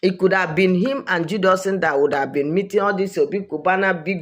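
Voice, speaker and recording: A woman with a Nigerian accent giving opinionated social commentary, emphatic and repeating her points for weight. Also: lowish voice.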